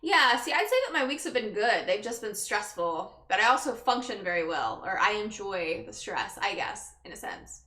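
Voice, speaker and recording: Bright, tired woman streamer chatting. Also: mid-range voice, expressive, moderate pace, few pauses. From Texas. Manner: chatty, greets viewers by name, tired. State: exhausted. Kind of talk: casual chat with viewers. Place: her bedroom. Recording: echoey room with background music.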